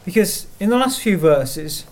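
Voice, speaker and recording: A man giving a sermon, speaking in a measured way and reading verses aloud. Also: high-pitched, very animated, a little mellow. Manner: slow, measured delivery with verses read aloud. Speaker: preacher.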